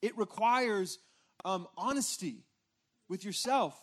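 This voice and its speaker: A man with a notably high-pitched voice preaches in a loose, chatty way, tossing a quick "right?" to his listeners between points. He stumbles and repeats words as he thinks aloud on a church stage. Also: animated, a bit bright. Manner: informal, repeats words and restarts, frequent "right?" checks with congregation. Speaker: pastor. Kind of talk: conversational sermon. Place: church stage before a responding congregation.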